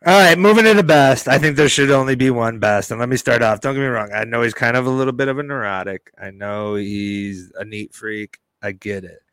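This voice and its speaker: A man giving a profane, animated opinion rant in casual podcast banter. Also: mid-range voice, a little fast, few pauses, smooth, no echo, low-quality recording.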